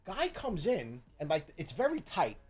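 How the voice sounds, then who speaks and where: A man's voice: a little high, wildly swooping pitch, moderate pace, husky, faint music behind. A middle-aged man from Jersey City with a New Jersey accent, telling a profane story in casual chat, full of stammering restarts. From Jersey City, USA. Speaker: streamer host.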